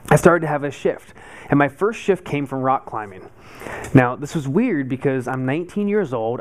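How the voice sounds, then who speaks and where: A man's voice: medium pitch, darkish tone. A man in his thirties telling a personal story to a live group, acting out his own past panic as he goes. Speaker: meetup speaker.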